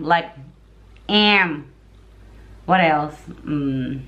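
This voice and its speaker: A Filipina woman with a Filipino accent chatting casually in a vlog, telling stories in an animated way. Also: on the low side, slow pace. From Philippines. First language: Tagalog. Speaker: vlogger. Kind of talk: casual chat.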